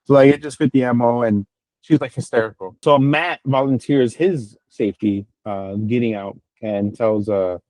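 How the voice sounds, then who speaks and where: Podcast guy rambling through a recap, mellow darkish voice, dry close mic. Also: medium pitch, normal speed, no echo, rough recording. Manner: rambling retelling full of fillers and acted-out quotes. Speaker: podcast co-host. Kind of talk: casual chat recapping a TV episode.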